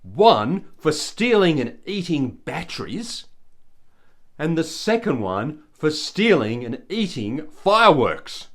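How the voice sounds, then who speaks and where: Aussie grandad in his sixties, lively dad-joke teller. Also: mid-range voice. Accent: Australian. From Australia. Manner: chuckles at own jokes, animated delivery. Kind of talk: recorded dad-joke telling.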